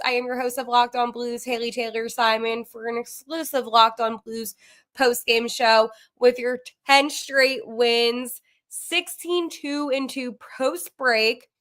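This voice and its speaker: A woman hosts a live post-game sports show from home, her voice bright and sharp with a rather high pitch. She talks excitedly and gets flustered, tumbling into quick asides and fillers as she reacts. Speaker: podcast host.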